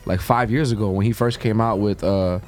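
A man's voice: on the low side, fairly even intonation, a little fast, darkish tone, soft background music. A young man, a guest DJ and talent scout, chatting loosely in an interview and leaning on "like" and "man" as he talks. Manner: loose, rambling, heavy on "like" and "man". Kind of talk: casual interview chat.

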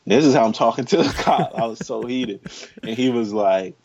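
A man in his forties, a guest in an interview, telling a personal story in a casual, emphatic and animated way. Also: mid-range voice, moderate pace. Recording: dull lo-fi sound.

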